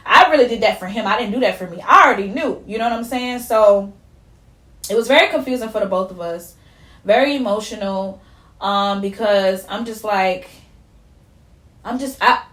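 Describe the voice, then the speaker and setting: A woman's voice: on the high side, normal speed, a bit bright. A young woman vlogger tearfully telling a personal story in a candid, conversational way, her voice dropping as she fights back tears. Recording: echoey room.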